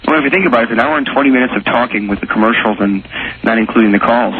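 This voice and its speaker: Male phone-in guest, rambling and halting; quick and lowish, over a tinny phone line. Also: a little hiss or hum. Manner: halting, rambling, with many restarts. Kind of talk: phone interview on talk radio.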